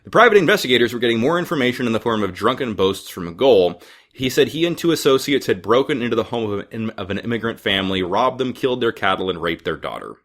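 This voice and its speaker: A man's voice: medium pitch, expressive, quick pace, fairly bright tone. A male podcast host reading local history notes aloud in a casual chat, dropping dry, teasing asides.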